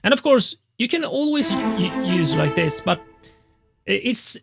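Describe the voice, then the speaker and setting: Male music educator, high and creaky voice, casual step-by-step tutorial delivery with lots of fillers. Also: big pitch swings, measured pace. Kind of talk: screen-recorded software tutorial.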